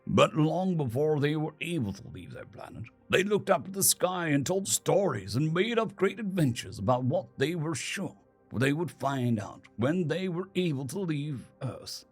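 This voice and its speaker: A man voicing a gentle young father who explains things slowly and patiently to his son. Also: fairly high pitch, big pitch swings, breathy edge, soft background music, voice pushed up. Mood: patient, explaining. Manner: slow, explaining tone.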